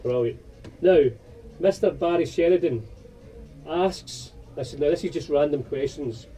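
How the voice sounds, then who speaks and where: Male radio host, dark mellow voice, halting delivery, slightly off-mic. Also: fairly high pitch, distant mic, low-quality recording. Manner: halting, restarts questions often. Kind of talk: casual radio interview. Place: radio studio.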